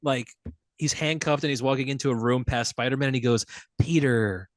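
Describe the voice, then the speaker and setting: A man's voice: medium pitch, steady tone, fast, dry recording. A young man on a podcast, chatting casually and animatedly, telling stories and swearing freely. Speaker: podcast host. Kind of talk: casual chat.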